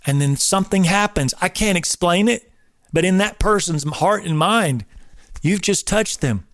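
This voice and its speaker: A man's voice: high voice, lively intonation, a little slow, fairly bright tone, no echo, studio quality. A man in his forties giving an emphatic, coach-like talk on faith and marriage, like a drill instructor. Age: 40s. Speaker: host. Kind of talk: casual preaching talk.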